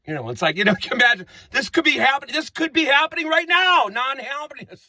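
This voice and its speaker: Brief: rambling improviser, bright, crisp voice, dry close sound, loops on his own words. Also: extremely high pitch, expressive, fast talker, no echo. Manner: rambling, repetitive, playful wordplay. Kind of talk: improvised comic monologue.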